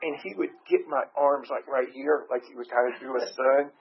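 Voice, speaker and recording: Man, middle-pitched, casual rambling storyteller who laughs often, muffled lo-fi sound. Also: steady tone, moderate pace, gravelly, background noise. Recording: muffled lo-fi recording.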